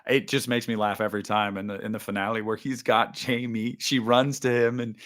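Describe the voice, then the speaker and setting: Animated man chatting about movies. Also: lowish voice, fairly quick. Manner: animated, swearing, acts out movie scenes with sudden loud jumps. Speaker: podcast host. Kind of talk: casual movie chat.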